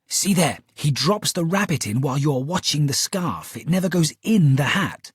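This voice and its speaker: Casting: narrator as a curt, deadpan Victorian detective, husky and close to the mic. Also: male voice, on the high side, moderate pace, dry recording. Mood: dry dismissive. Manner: quiet, clipped, dismissive asides. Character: dry, sharp-eyed Victorian detective man. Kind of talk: audiobook character voice.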